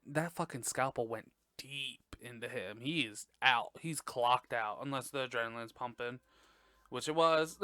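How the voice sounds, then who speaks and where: This podcast host, a young man with a mid-range voice, talks over a movie in loose, casual fashion from his darkened bedroom, cursing freely and laughing a lot in an excitable way. The recording is dry and sounds like a clean studio.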